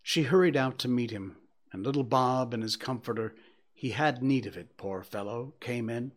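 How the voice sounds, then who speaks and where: A man reading a classic story aloud, measured and hushed in quiet passages. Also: mid-range voice. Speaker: narrator.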